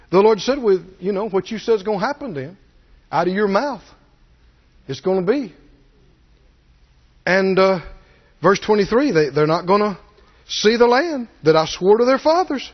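A man preaching a sermon, animated and folksy, swinging from low asides to shouted peaks. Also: lo-fi sound. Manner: folksy, jokes with the congregation.

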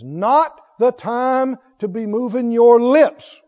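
A man preaching a sermon, emphatic, swinging from loud exhortation to hushed intensity. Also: very high voice, slow pace, hardly any pauses. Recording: dull lo-fi sermon recording.

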